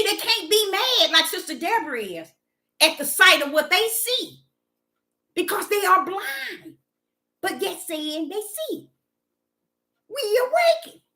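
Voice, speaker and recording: A woman delivers a fervent sermon in a high, bright voice. Her pitch leaps widely as she repeats lines in a rhythmic pattern. She swings between loud declarations and hushed, quick asides. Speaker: preacher. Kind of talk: impassioned preaching monologue.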